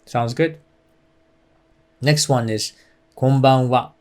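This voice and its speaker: A man's voice: medium pitch, slow pace, darkish tone. A man teaching a beginner language lesson, explaining patiently with many fillers and modeling phrases for the listener to repeat.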